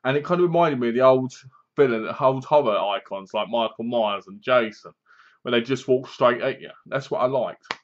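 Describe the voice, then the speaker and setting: A man's voice: medium pitch, normal speed, dull audio. A man giving a casual, rambling spoken review of a horror film, often restarting his sentences. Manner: rambling, loose, many restarts. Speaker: movie reviewer.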